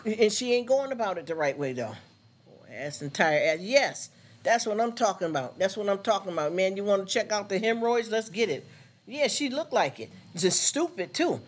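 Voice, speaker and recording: Casting: man, live stream host, blunt and animated, high voice, street slang. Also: moderate pace. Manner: animated, blunt street talk, repeats words. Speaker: livestream host. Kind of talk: casual live stream chat.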